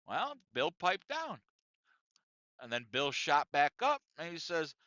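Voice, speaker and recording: A man hosting a podcast, telling a profane comic story in an animated, conversational way, in a dry, dull lo-fi recording. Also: a little high, takes it slowly, dry recording. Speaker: podcast host.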